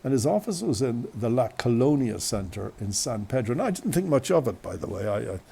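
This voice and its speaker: Irish male radio host with a mellow, gravelly voice; chatty, meandering anecdotes outdoors. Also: medium pitch, very animated, brisk. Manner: chatty, digressive, many restarts and asides. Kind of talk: rambling anecdotal storytelling. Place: outdoors on a windy day. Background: wind.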